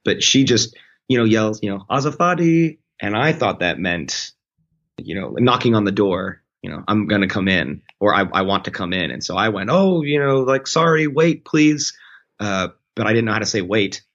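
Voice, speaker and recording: A man with a low voice tells a long personal story in a relaxed, conversational way. He trips over his words and restarts his sentences often. The recording sounds dull and muffled. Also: fairly quick, gravelly. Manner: rambling, self-correcting, animated when quoting. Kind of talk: casual anecdote.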